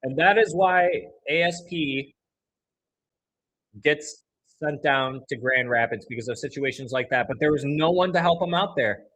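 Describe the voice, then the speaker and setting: Excitable fan calling hockey play-by-play. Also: male voice, fairly high pitch, moderate pace. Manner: partisan, swings from flat calls to loud outbursts. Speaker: livestream host.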